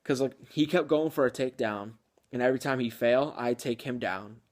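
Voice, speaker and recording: A man's voice: mid-range voice, a little fast, darkish tone. A man hosting a gaming channel, chatting casually with lots of filler words and the odd chuckle. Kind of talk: casual video game commentary.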